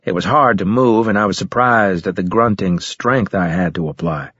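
Husky man narrating a story. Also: low-pitched, moderate pace, fairly bright tone, dry recording, dull audio. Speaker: audiobook narrator. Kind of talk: first-person scripted narration.

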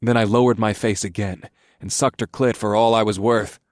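A man narrating an erotic story in the first person, in a steady, subdued reading voice. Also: lowish voice, normal speed, dry recording, clean studio sound.

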